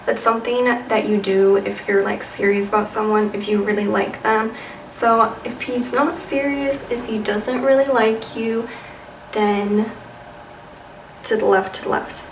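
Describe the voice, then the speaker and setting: Young female vlogger, sassy and chatty, bright voice, recorded a bit far off in a roomy space. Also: fairly high pitch, fairly even intonation, unhurried, a little hiss or hum. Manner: chatty, lots of "like" and "you know", sassy asides. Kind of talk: casual advice chat. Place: room with a white wall. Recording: echoey room, voice a bit off-mic.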